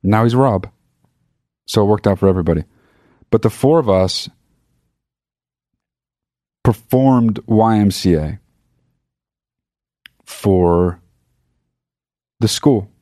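An adult man with a fairly low, mellow voice speaks slowly, leaving long pauses, in a dry studio-quality recording. He rambles through a comedic story, swearing freely, mocking himself, and often stopping to correct himself in a profane, sarcastic way.

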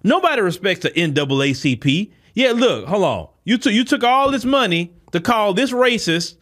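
A man with a high voice runs his own podcast. He preaches in a heated commentary, circling back over the same points and calling out directly to his listeners. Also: animated, normal speed, a bit bright. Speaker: podcast host. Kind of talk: impassioned commentary monologue.

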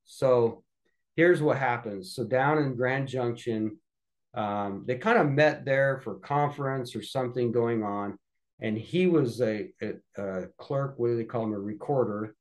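A man as a podcast guest recounting a family anecdote. He speaks at an ordinary middle pitch and tells the story with animation, often restarting his sentences. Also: unhurried. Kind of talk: telling a family story in a conversation.

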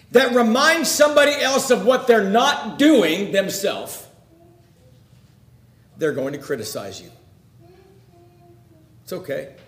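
A man delivers a sermon in a high voice, pressing his listeners with direct questions. He swings between loud emphasis and hushed, quiet lines. The room around him is echoey. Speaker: preacher.

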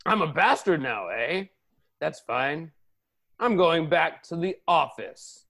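Grumpy shouting husband, exasperated and animated; performer voicing. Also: mid-range voice, slow pace, heavily acted. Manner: gruff, exasperated yelling. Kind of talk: improvised comedy sketch.

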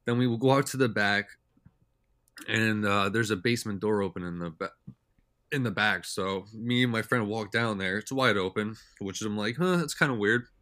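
A man's voice: on the low side, fairly even intonation, normal speed, bright, forceful tone, no room sound, clean studio sound. A young man telling stories as a podcast guest in a loose, rambling way, full of "like" and "uh". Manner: rambling, heavy with "like" and "uh" fillers. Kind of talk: casual storytelling chat.

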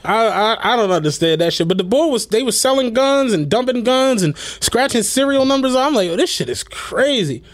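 A man with a high, bright-sounding voice tells stories in loose, profane slang and laughs often. He hosts a casual chat, recorded close and dry in a studio with no room echo. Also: expressive, moderate pace, few pauses. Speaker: podcast host.

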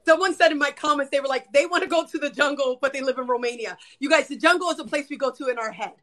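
A woman talking quickly and eagerly on a live stream, guiding her viewers through an energy practice. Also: high voice. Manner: rapid, animated, addresses viewers as "you guys". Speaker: guest, spiritual energy worker. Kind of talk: casual live-stream chat.

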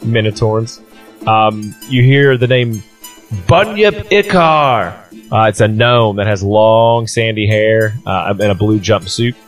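A man's voice: fairly low pitch, level tone, measured pace, faint music behind. A man running a tabletop game as game master, narrating scenes casually with many fillers.

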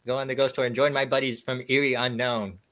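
A man's voice: medium pitch, flat delivery, quick pace, a bit bright. A man hosting a podcast, asking chatty, casual questions. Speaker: podcast host.

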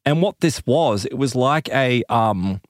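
A man tells a story in casual chat and slips into quoted voices along the way. His pitch sits in the middle of the range. The room sounds dry and close, with no echo. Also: unhurried. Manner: animated, acts out quoted voices, laughs often. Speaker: podcast co-host telling a story.

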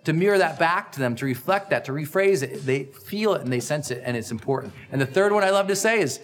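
A middle-aged man hosting a personal growth podcast, giving an energetic, emphatic motivational talk. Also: quick pace, few pauses, soft background music. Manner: energetic, emphatic, acts out quoted lines with big pitch swings.

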